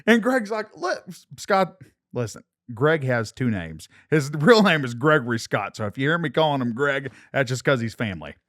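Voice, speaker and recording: A man's voice: medium pitch, sing-song, fairly quick, hardly any pauses, a bit bright, no room sound, studio quality. A young man, a musician guest on a podcast, telling road stories in casual chat and laughing as he goes. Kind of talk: casual storytelling.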